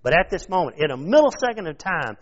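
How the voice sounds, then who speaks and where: Man preaching a casual, lively sermon. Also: a little high, fast. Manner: conversational, animated preaching that questions the audience. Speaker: pastor. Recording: dull lo-fi recording.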